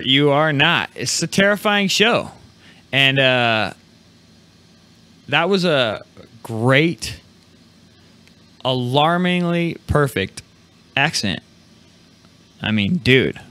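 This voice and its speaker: A man hosting a live video podcast, talking loosely and excitedly, swearing freely. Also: mid-range voice, clean tone. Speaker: podcast host. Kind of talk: casual live podcast chat.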